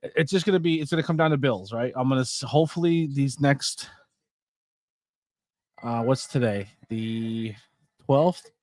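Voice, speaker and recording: A worn-out man hosts a casual live stream and talks straight to his viewers in the chat. He yawns through his words. His voice sits in a middle pitch and sounds dry and close, with no room around it. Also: normal speed, pauses often, a little mellow, no room sound. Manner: chatty, talking to viewers in chat. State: tired, yawning. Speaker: podcast host.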